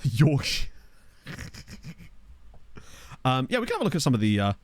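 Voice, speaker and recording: A man with a neutral British accent chats quickly to his live-stream viewers while he plays a football management game. His voice bounces up and down with lots of lively pitch movement. It sounds dry and close, as if recorded on a desktop mic at home. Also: dry recording. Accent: neutral British English. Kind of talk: casual live-stream chat. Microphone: desktop USB microphone.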